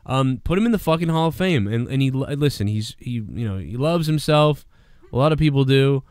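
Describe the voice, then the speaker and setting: Smooth-voiced profane talk show host. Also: male voice, medium pitch, lively intonation, fairly quick, darkish tone, dry recording. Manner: rambling, profane, storytelling. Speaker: host of a live wrestling review show. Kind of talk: casual call-in chat.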